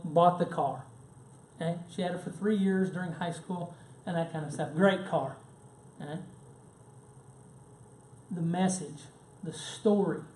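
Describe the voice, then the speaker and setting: A man's voice: sits high, darkish tone. Guy running a business seminar, chatty storyteller, keeps asking "right?", echoey room, bit of noise behind. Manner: anecdotal, checks in with frequent "right?" and "okay?". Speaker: seminar presenter. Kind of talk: conversational business seminar talk.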